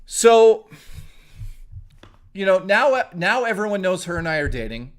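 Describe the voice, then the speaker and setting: A man's voice: high-pitched, sing-song, a little slow. A young man on a live stream telling a crude, rambling personal story full of filler words, and breaking off to thank viewers. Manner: stops mid-story to thank viewers for memberships.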